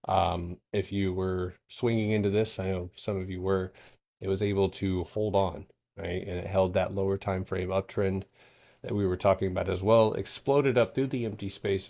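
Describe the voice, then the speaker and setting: A man's voice: low-pitched, steady tone, moderate pace, gravelly, darkish tone. A man hosting a stock trading livestream, giving loose, joking market analysis and swearing now and then. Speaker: stock trading stream host.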